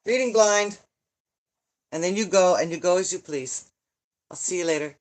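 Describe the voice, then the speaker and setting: Speaking briskly in a lowish, darkish voice, an older channel host rambles through a casual live chat while reading books aloud. She keeps interrupting herself and lets out dramatic sighs and complaints over how tedious the book is.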